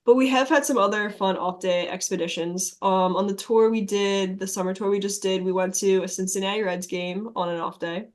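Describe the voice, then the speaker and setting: A woman's voice: mid-range voice, steady tone, brisk, few pauses. A woman musician guesting on a podcast, blunt and swearing freely, laughing through her stories. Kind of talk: casual chat.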